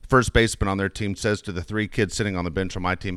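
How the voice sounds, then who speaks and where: A man's voice: lowish voice, fast talker, hardly any pauses, a bit bright, clear, resonant tone, dry recording, clean studio sound. A middle-aged man telling a long coaching story in casual chat, rambling with many restarts. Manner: rambling anecdotes with frequent restarts. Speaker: youth baseball coach.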